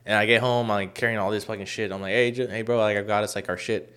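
A young man in casual chat, telling a long story with many fillers and profanity, acting out quoted lines loudly. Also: on the low side, fairly even intonation, fast talker, clear, resonant tone.

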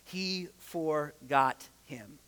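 A male pastor delivering a sermon in a high, bright voice, retelling a story with animated energy and slipping into the characters' voices. His voice rings out in a church sanctuary with a long, hanging reverb. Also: very slow, clean tone.

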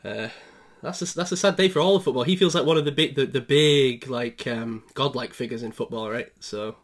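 A man's voice: mid-range voice, a little fast. A young man hosting a casual podcast chat in an easygoing, conversational way.

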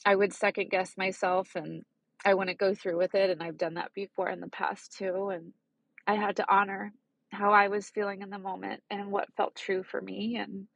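A woman in her thirties telling a personal story in a vlog, halting and tearful, often restarting her sentences. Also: medium pitch, flat delivery, creaky, husky, no echo. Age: 30s. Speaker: vlogger. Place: parked car.

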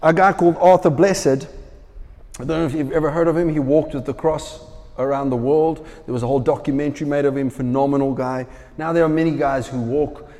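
A man preaching with a somewhat high voice, animated as he tells a story and acts out the people in it. His voice rings with the long reverb of a hall. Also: a little fast. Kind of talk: sermon.

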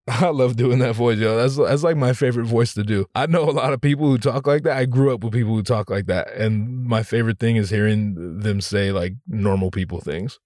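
A man's voice: medium pitch, a little fast, hardly any pauses, darkish tone, dry recording, studio quality. Tired, rambling, foul-mouthed man. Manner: profane, rambling, many restarts. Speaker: podcast host. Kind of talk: casual podcast intro. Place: recording studio. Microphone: studio microphone.

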